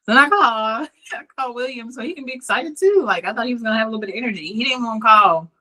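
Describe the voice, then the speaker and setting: A woman co-hosting a podcast, telling a relaxed story about her son. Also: on the high side, fast. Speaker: podcast co-host, mother. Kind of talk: casual chat.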